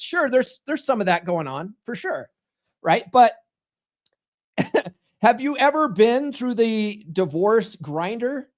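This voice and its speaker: A man's voice: high voice, expressive, a little slow. A man hosting a podcast, talking casually and bluntly, swearing and tossing in "right?" and "okay?" as he goes. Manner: blunt, profane, keeps checking in with "right?" and "okay?". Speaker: podcast host. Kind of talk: casual monologue to a live chat.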